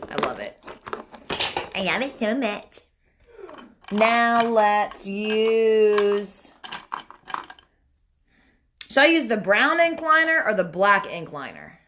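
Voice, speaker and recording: A woman's voice: mid-range voice, a bit bright, slight background noise. A young woman chatting casually through a makeup tutorial on a phone livestream, talking to viewers and family as she works. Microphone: phone camera.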